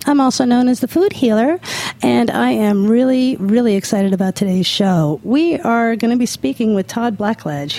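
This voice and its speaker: A bubbly woman hosts a radio interview with plenty of enthusiasm. She talks in a casual, excitable way and laughs easily. Her voice sits at an everyday pitch. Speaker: host.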